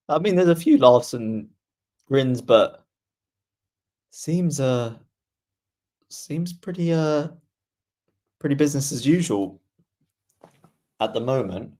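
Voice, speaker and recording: A man's voice: medium pitch, animated, a little mellow. A man giving casual live play-by-play tennis commentary on a stream, chatting with viewers and reading their comments aloud. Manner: chatty, reads viewer comments aloud, quickens during rallies.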